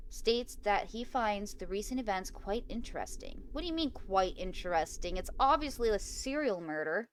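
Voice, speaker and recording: A woman hosting a gaming video, reading an interactive horror game aloud and reacting with jumpy, excited exclamations. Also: mid-range voice, normal speed, few pauses, a little hiss or hum. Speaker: gaming channel host.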